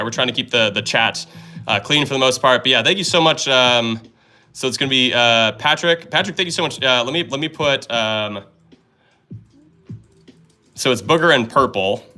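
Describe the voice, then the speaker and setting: Excitable man streaming puzzle games. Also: medium pitch, moderate pace, soft background music. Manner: upbeat, excitable, thanks viewers often. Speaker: live-stream host. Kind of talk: casual live-stream chat while solving puzzles.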